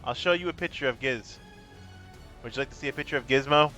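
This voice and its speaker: Guy rambling playfully to chat while playing cards, bright and crisp, bit of music in the back. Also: medium pitch, fast talker. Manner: playful, chatty, rambling with restarts; breaks into silly sing-song. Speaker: streamer playing a card game. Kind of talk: casual live-stream chat.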